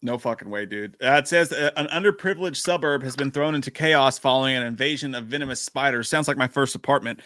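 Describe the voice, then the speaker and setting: A man's voice: mid-range voice, quick pace, few pauses, pushed and bright, no echo, clean studio sound. A man co-hosting a movie news livestream, reading news items aloud and reacting with laid-back, profane remarks. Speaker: podcast co-host reading the news. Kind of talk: casual livestream chat.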